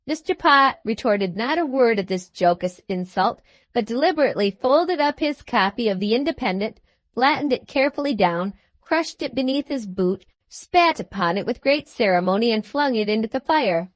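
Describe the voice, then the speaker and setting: Expressive woman narrating a classic novel. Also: a little high, no echo. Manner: measured, expressive. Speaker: audiobook narrator. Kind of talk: scripted storybook narration.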